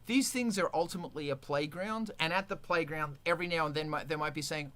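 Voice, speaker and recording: Brief: male livestream host, loose and animated, bright high-ish voice, casual swearing. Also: fast talker, hardly any pauses. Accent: Australian. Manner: animated, swearing, rambling with restarts.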